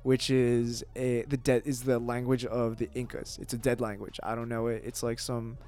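A man, a podcast guest, telling a personal story in casual talk, animated, with lots of fillers and swearing. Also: mid-range voice, normal speed.

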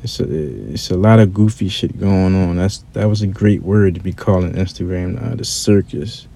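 A man with a low, dark voice rants casually to camera. He is blunt and profane, and he keeps looping back over his points with stumbles and restarts. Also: little pitch movement, normal speed, vocal fry, a little hiss or hum. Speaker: vlogger.

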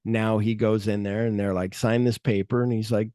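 A middle-aged podcast host with a lowish, warm voice speaks at normal speed with little pitch movement. He casually retells movie scenes and swears freely, recorded in clean studio sound with no room sound.

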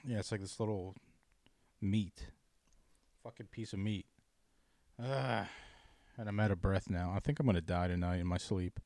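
A man in casual chat, ranting profanely about his bad day, dropping to mumbles and then yelling. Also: deep voice, steady tone, normal speed, pauses often, no room sound.

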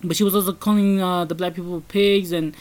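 A woman with a New York accent co-hosting a casual podcast, telling stories with lively emphasis and talking straight to listeners. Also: on the low side, fairly quick, low-quality recording. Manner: animated storytelling, addresses listeners as guys. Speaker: podcast co-host.

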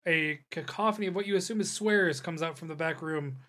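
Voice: medium pitch, fairly quick, few pauses, fairly bright tone. Game master, narrating tabletop roleplay, rambling, searching for words, laughing.

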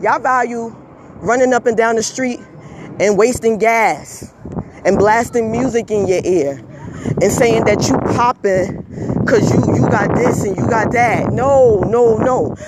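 A man's voice: sits high, unhurried, heavy background noise. A man delivering a heated, emphatic monologue rant, repeating himself, scolding listeners and swearing when worked up.

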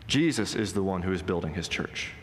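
A man preaching a sermon to a congregation, earnest and emphatic, slowing down to stress quoted lines. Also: deep voice, animated, slight background noise. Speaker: pastor. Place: church sanctuary. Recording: long hall reverb.

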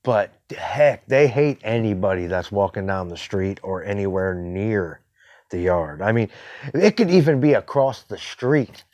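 A man's voice: fairly low pitch, lively intonation, measured pace, darkish tone, no room sound. A man hosting a casual solo podcast, rambling and profane, moving between somber reflection and exasperated complaining. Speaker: podcast host. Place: home room with windows open to the street.

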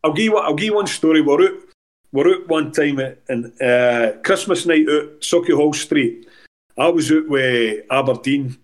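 A man with a Scottish accent spins rambling anecdotes as a podcast guest. He jumps between memories and restarts his sentences, keeping the talk animated and casual. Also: medium pitch. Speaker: former footballer, guest. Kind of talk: casual storytelling in a podcast interview.

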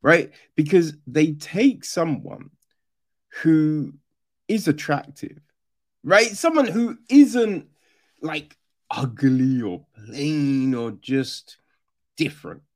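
A man talks through a film in a loose, profane review. His pitch swings widely and he takes his time. He often slips into mimicking characters. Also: takes it slowly. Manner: animated, swears often, mimics characters in a high voice. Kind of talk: casual film review monologue.

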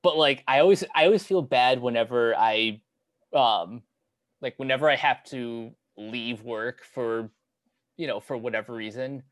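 Halting young man in casual chat. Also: medium pitch, no echo. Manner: halting, many fillers and restarts. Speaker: podcast co-host.

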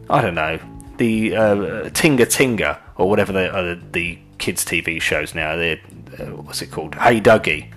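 A man's voice: low-pitched, measured pace, soft background music. A man ranting in a casual monologue, sweary and exasperated, rambling with restarts.

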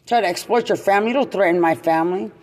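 A woman veteran in an angry, profane rant, repeating accusations and at times breaking into shouts. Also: mid-range voice, very fast. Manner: furious, swearing, repetitive accusations, shouting at times. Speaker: military veteran. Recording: long echoing reverb.

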